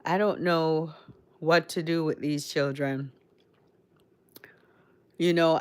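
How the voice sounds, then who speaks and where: A woman with a Caribbean accent mixed with American, chatting casually with viewers on a livestream in a rambling way. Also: low voice. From Caribbean, raised in Connecticut. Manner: chatty, rambling, addresses chat directly. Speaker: livestream host. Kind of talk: casual live-stream chat with viewers.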